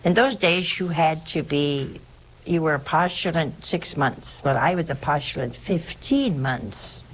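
An older woman, a nun, recalling her life in halting oral-history storytelling, often repeating words and adding "see" or "you know". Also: low voice, a little hiss or hum, low-quality recording.

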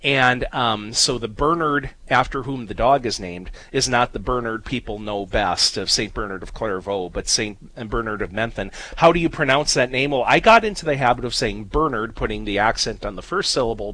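A man's voice: mid-range voice, moderate pace, hardly any pauses, bright, forceful tone, low-quality recording. A man co-hosting a Catholic talk show, explaining things at length with frequent fillers and spelled-out names. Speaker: co-host. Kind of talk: casual radio-style chat.

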